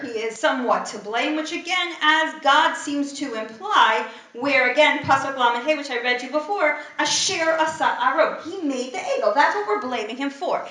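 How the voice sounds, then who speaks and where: A woman teaching a text study class in an animated way, putting rhetorical questions to the class in a classroom. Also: high voice. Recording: echoey room, voice from far off.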